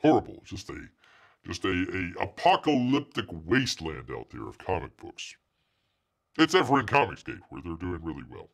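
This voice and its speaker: A man's voice: low voice, huge pitch swings, moderate pace, gravelly, a bit bright. A middle-aged man hosting a live comics news stream, chatting casually and sarcastically in a rambling way. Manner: sarcastic, rambling, refers to himself as Bear. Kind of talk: casual livestream chat.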